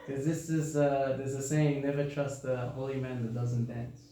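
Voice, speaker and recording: A man from Australia with an Australian accent softened toward American, giving an informal, joking sermon to a temple audience and laughing often. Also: mid-range voice, little pitch movement, moderate pace. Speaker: temple speaker giving a scripture class. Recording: very echoey hall, faint background hum.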